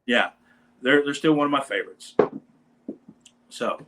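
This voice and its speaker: A man's voice: medium pitch, unhurried, background noise. A man, a musician guest on a talk show, telling a casual anecdote with animation and acting out what people said. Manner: animated storyteller who acts out quoted lines.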